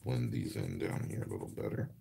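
A man's voice: rumbling low, brisk, creaky, warm tone, slight background noise. A man hosting a card-making livestream, chatting casually while he works and answering viewer comments by name. He is earnest and gushing, and he talks through each step as he does it. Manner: talks through his hands-on steps.

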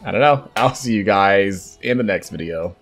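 Excitable gamer man, animated voice. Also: on the low side, normal speed. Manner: excitable, swearing, laughing often. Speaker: gaming YouTuber. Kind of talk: live gameplay commentary. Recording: faint game music behind.

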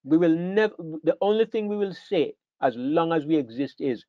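A man's voice: a little high, lively intonation, normal speed, no room sound, phone-quality sound. An older man teaches a Bible class in an earnest way, often repeating words as he thinks.

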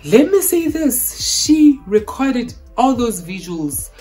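Gushing South African woman, slow-spoken. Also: a little high, big pitch swings, warm tone, soft background music, rough recording. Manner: effusive, gushing, repeats exclamations. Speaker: vlogger reacting to a film. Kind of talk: casual reaction vlog.

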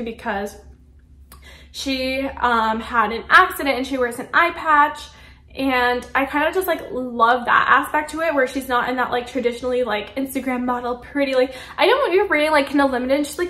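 High-voiced chatty woman reviewing books. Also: a bit bright, echoey room. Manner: chatty, gushing, heavy use of "like". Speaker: book reviewer. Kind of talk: casual monthly reading wrap-up. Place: room at home during a power cut, daylight fading.

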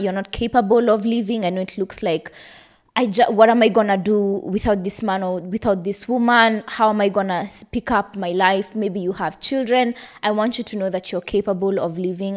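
A young woman hosting a podcast, giving candid, conversational advice with an emotional edge. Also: mid-range voice. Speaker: podcast host. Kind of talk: personal advice talk.

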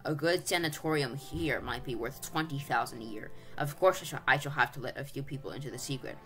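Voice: medium pitch, brisk, fairly bright tone, soft background music, close to an everyday voice. A reader voicing a greedy, self-important English uncle of sixty who blusters and gloats, in a storybook reading. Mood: gloating. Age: 60s. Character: excitable greedy old English uncle, male.

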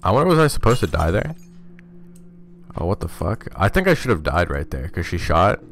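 A man's voice: sits low, sing-song, fairly quick, creaky, a bit bright, a little hiss or hum. A man streaming a video game, chatting casually with loose, profane, wry asides as he plays. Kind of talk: casual let's-play commentary.

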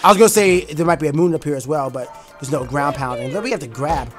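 Excitable man commenting on a video game. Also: on the high side, quick pace. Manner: excitable, shouts and half-sings when thrilled, chatty. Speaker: gaming YouTuber. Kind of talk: let's play commentary. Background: faint game music.

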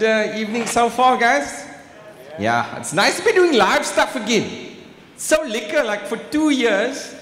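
A man's voice: high voice, a bit bright. A man in his forties with a South African accent doing live stand-up in a large hall, teasing the crowd. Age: 40s. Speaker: stand-up comedian. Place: large exhibition hall stage. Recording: echoey hall with room ambience.

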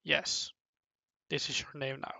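Slime lord, played by a commentator, solemn, very slow, gravelly; dry lo-fi mic. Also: mid-range voice, level tone, pushed and bright, no room sound, heavily acted. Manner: slow, measured, pronouncing.

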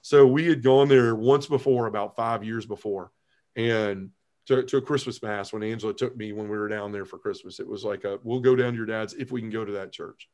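A man, a podcast guest telling his personal conversion story in an earnest, halting way, often restarting his phrases and dropping his voice at heavy moments. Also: fairly even intonation, darkish tone. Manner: earnest storytelling, halting restarts, drops low when emotional.

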